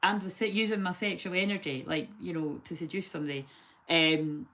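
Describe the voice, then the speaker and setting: A woman giving a casual, rambling tarot reading full of lively chatty asides. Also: fairly low pitch, fairly quick. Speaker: tarot reader.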